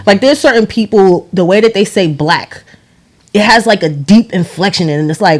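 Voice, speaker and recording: A woman's voice: mid-range voice, expressive, brisk. A woman from Brooklyn with a New York accent, co-hosting a podcast and making her point emphatically with everyday examples. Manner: emphatic, talks things through with examples. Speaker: podcast co-host. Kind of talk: casual podcast discussion.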